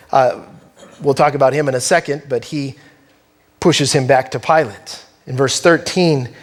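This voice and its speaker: A male pastor delivering an earnest sermon, walking through a scripture passage verse by verse. His voice sits a bit high for a man. He speaks directly to the congregation in an engaged, expository way. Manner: earnest, expository, acts out quotes.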